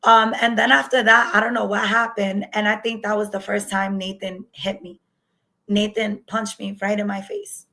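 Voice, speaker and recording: A woman with a mid-range, fairly flat voice speaks at normal speed with a sharp tone on a rough recording. She's an interview guest candidly telling her own story and acting out past conversations.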